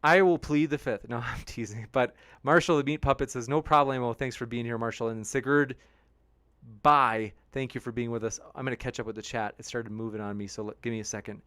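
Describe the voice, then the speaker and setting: A young man hosts a debate livestream from a close desk mic, and the sound is dry with no room echo. He reads viewer comments and answers them in an animated, chatty way. His voice sits at an ordinary male pitch, and he slips into sarcastic mocking voices now and then. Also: brisk. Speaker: debate channel host. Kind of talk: livestream chat reading.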